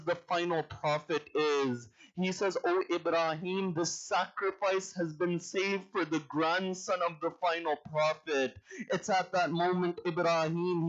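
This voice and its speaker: A man's voice: a little high, a bit bright. Man preaching a storytelling sermon, lo-fi. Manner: storytelling, voicing quoted figures, rising to a tearful lament. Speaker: speaker at a Muharram majlis. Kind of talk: sermon with mourning recitation. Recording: dull lo-fi sound.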